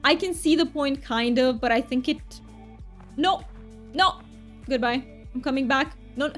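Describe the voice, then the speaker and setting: Excitable girl streamer yapping while she plays, bit high voice, soft game music under it. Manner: chatty, excitable, quick gasps of delight. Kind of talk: casual live-stream chat while gaming.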